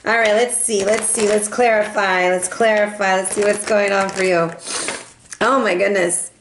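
A woman's voice: mid-range voice, fairly even intonation, normal speed, roomy sound, background noise. A woman giving a casual tarot reading, chatty and playful as she talks through the cards. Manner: chatty and playful, sings and meows in bursts. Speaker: tarot reader.

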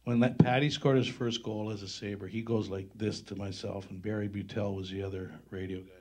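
A man's voice: fairly low pitch, fairly even intonation, brisk. A man, a former hockey player, telling stories on stage at a public event and laughing through the punchlines. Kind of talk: animated storytelling at a live event.

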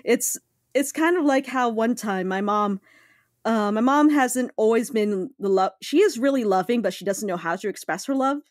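A woman's voice: on the high side, normal speed, no echo, clean studio sound. A woman in casual podcast chat, talking earnestly and acting out lines from the story she discusses. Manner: earnest, animated, acts out quotes. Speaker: manga podcast co-host.

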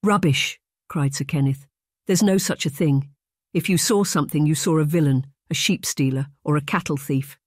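A narrator voicing a drunken, bitter Scottish laird, gruff and scornful, with a Scottish accent. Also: medium pitch, moderate pace, darkish tone, dry recording, clean studio sound, close to an everyday voice. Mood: angry.

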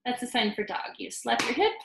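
A woman leading a children's storytime with songs and baby signs, talking in a slow, sing-song, encouraging way. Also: a little high, very animated, vocal fry, echoey room, noisy background.

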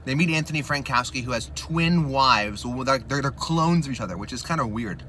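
Guy talking fast about an old movie while eating hot chips, mouth on fire, bright forceful voice, faint noise behind. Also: mid-range voice. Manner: rambling, animated, slips into excited impressions. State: mouth burning from spicy chips. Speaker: mukbang host.

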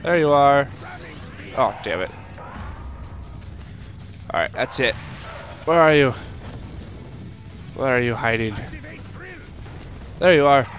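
A young man doing casual let's play commentary, tired and yawning, reacting loudly with grunts and battle cries as he fights. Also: medium pitch, slow, long pauses, dull audio, soft background music. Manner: excitable, shouts attack noises and groans at the game. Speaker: gaming YouTuber.

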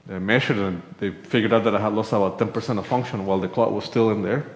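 Talking fast in a lowish, steady voice, a preacher shares a personal story during his sermon. He keeps it conversational and performs the dialogue himself, his words echoing around the church sanctuary.

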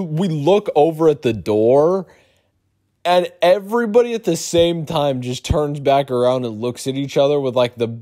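A young man telling a profane, animated storytime for his YouTube channel. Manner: profane, animated storytelling with big pitch swings. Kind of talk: storytime vlog.

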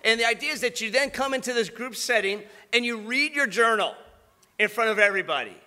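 High bright-voiced man preaching in a hall. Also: lively intonation, fairly quick. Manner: personal testimony building to fervent preaching. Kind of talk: sermon. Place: large church hall.

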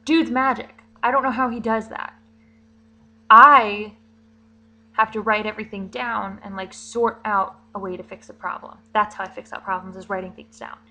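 A woman's voice: mid-range voice, steady tone, moderate pace, pushed and bright, slight background noise, low-quality recording. A young woman vlogging casually, chatty and rambling, with fillers and little giggles. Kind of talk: casual vlog monologue.

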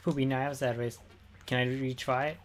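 A man streaming a video game, talking casually and excitably, repeating himself and swearing freely. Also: medium pitch, quick pace, soft background music. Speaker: gaming streamer. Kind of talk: casual gameplay commentary.

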